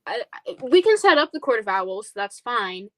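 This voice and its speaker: A woman's voice: a little high, sing-song, moderate pace, a bit bright. A woman co-hosting a casual podcast chat, speaking hesitantly with many fillers.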